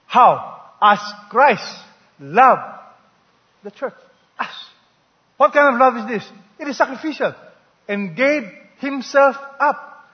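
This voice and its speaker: A male pastor preaching a sermon, emphatic and drawing responses from the congregation. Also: sits high. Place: church hall. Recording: dull lo-fi recording in a reverberant church hall.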